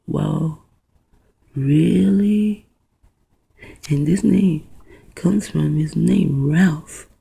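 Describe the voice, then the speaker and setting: A video host giving rambling commentary while reading aloud, spelling words out letter by letter, musing with soft exclamations and often dropping into a whisper. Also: mid-range voice, very slow, gravelly, long pauses, husky, poor audio.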